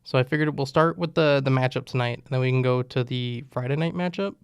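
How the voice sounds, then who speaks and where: A man's voice: mid-range voice, quick pace, clear, resonant tone, no echo. A young man hosting a casual sports podcast, with a voice that is giving out on him, talking loosely and jokingly with many restarts. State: losing his voice. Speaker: podcast host.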